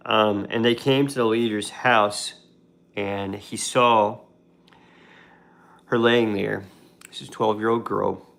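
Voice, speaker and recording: A man's voice: lowish voice, fairly even intonation, slow, gravelly, pauses often, fairly bright tone. A man casually retelling a Bible story as a devotional host, talking conversationally with fillers and restarts.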